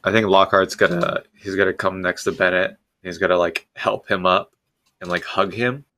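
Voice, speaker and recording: A man playing a tabletop game, describing his character's actions in a halting, hesitant way. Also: deep voice, fairly even intonation, sharp tone, dry recording. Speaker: player.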